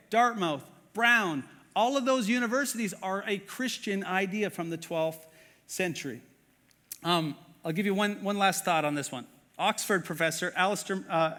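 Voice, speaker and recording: A man's voice: sits high, bright, forceful tone. A man preaching a sermon in a conversational way, full of fillers, asking the audience questions. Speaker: pastor. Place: church auditorium. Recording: long reverb of a church hall.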